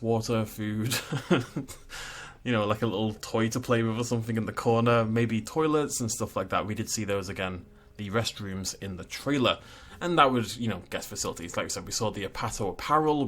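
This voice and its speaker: A man hosting a gaming channel, casually talking through video game news in a chatty, rambling way with asides and chuckles. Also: mid-range voice.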